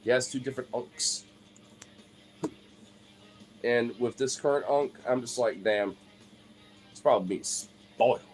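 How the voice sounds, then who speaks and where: A young man and streamer chatting casually, rambling with lots of filler words and swearing, now and then breaking into a high excited baby-talk voice. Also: measured pace, long pauses, soft background music. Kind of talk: casual chat.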